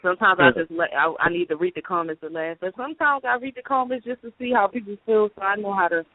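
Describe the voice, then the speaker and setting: A woman's voice: mid-range voice, fast, no echo. A woman with a mixed Baltimore and New York accent, calling in as a battle rapper guest, talking in loose, laid-back street slang. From Brooklyn, New York. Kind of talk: casual phone interview. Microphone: phone call. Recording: tinny dry phone line.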